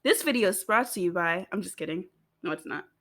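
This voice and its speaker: This young American video host has a lowish, slightly bright voice and an animated, brisk delivery. She chats casually through a TV show recap, laughing a lot and scattering fillers and asides throughout.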